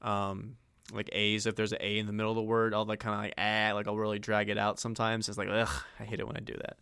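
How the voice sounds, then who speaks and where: A man's voice: on the low side, completely flat delivery, fast, fairly bright tone, clear, resonant tone, no echo, clean studio sound. A man co-hosting a podcast in casual, rambling chat, leaning on filler words. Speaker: podcast co-host.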